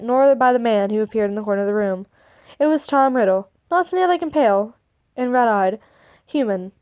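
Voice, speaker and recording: A woman's voice: fairly high pitch, a little mellow, smooth. A woman reading fan fiction aloud, often tripping over words and starting her sentences over. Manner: stumbling over words, restarting and laughing at the text.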